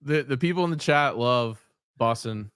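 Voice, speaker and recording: A man's voice: mid-range voice, normal speed, fairly bright tone, smooth, no echo, studio quality. A man co-hosting a sports podcast, chatting casually and wrapping up the show. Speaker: podcast co-host. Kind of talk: casual chat.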